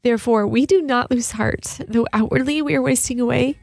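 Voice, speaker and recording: A woman's voice: fairly high pitch, brisk, creaky, a little mellow, no echo. A woman co-hosting a Christian talk show, sharing candidly and with emotion about her own faith. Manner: candid and emotional, with fillers like "like" and "you know". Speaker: christian podcast co-host. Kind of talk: heartfelt personal sharing.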